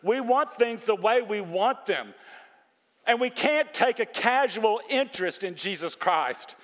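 High-voiced preacher in a reverberant hall. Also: male voice, a little slow. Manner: animated preaching, quotes scripture, asks the congregation questions. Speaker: pastor. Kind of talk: sermon.

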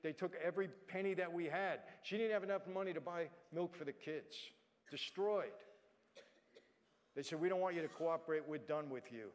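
A man's voice: a little high, normal speed. Middle-aged man testifying in a reverberant hall. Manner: swings from hushed to loud and emphatic. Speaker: guest speaker. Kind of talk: testimony talk to an audience.

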